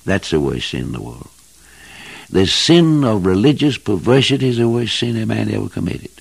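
An older man preaching a fervent old-time sermon, emphatic and husky, with King James phrasing. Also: fairly low pitch, sing-song, normal speed, no room sound. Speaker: evangelist preacher.

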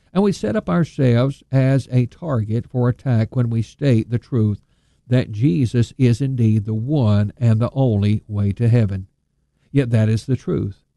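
A man preaching a sermon, measured and emphatic, slowing down to stress scripture quotes. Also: mid-range voice, mellow, no echo.

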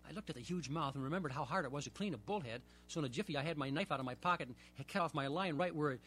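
A man reading a children's story aloud, with expressive, lively storytelling. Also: fairly high pitch, rapid-fire, a little hiss or hum.

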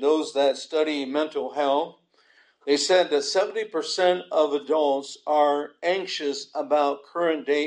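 A man preaching a sermon, telling folksy joke stories and acting out the characters' lines. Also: fairly high pitch. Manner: folksy storytelling, voices the characters in jokes. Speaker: pastor. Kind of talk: sermon with humorous anecdotes.

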